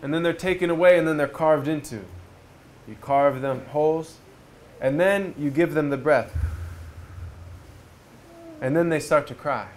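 A man's voice: fairly high pitch, unhurried, pauses often, a little mellow, slight background noise. A man giving a reflective spiritual talk at a retreat, storytelling conversationally and asking his listeners rhetorical questions. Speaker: speaker at a retreat. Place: outdoors near a river.

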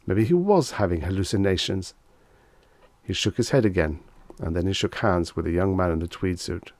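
A man narrating a vintage short story as an audiobook reader, in a measured, wry storytelling manner on a close mic. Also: sits low, a little mellow, no echo.

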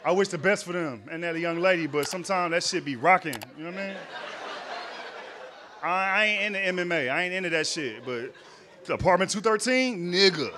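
Animated slangy male stand-up comic. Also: high voice, slight background noise. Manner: animated storytelling, slangy, acts out voices. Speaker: stand-up comedian. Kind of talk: stand-up comedy set. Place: comedy club stage before a live audience.

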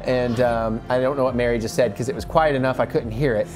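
A man's voice: mid-range voice, fast, music in the background. A man co-hosting a let's play, giving casual gaming commentary and yelping and swearing at the game. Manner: excitable, yelps and swears at the game.

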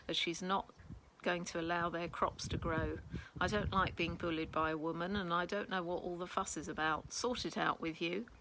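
A woman voicing a huge, blustering male god of the underworld in a booming, roaring manner. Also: a bit bright, a little hiss or hum.

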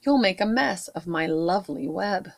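A woman's voice: medium pitch, animated, moderate pace, vocal fry, dry recording, studio quality. A woman voicing a fussy spider protecting her lovely web, with a prim, scolding manner.

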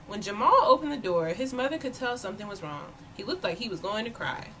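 A woman volunteer reading a children's picture book aloud with expressive storytelling. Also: mid-range voice, brisk, a little hiss or hum, low-quality recording. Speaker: volunteer reader.

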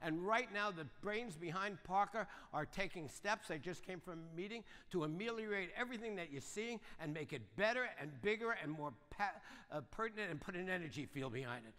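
An older man giving a motivational seminar talk, speaking fast and punchy and keeping the audience engaged with quick questions. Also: sits high, lively intonation, sharp tone. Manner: fast, punchy, keeps asking the audience "right?" and "yes or no?". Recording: long reverb of a large hall.

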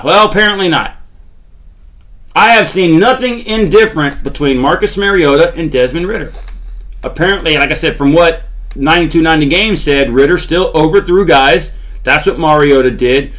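Male sports-channel host, slightly high pitch; exasperated, sarcastic fan rant. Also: a bit bright. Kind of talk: ranting fan commentary.

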